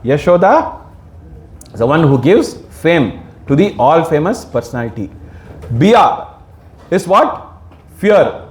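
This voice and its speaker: In a high voice with a roomy sound, a man delivers a devotional sermon. He poses questions to the audience and then answers them himself.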